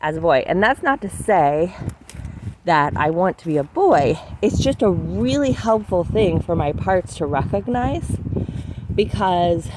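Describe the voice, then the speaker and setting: A woman's voice: on the low side, expressive, unhurried, noisy background. A woman hosting a podcast, talking in a casual, candid and reflective way, often filling with "like". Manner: candid, chatty, heavy use of "like". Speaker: podcast host.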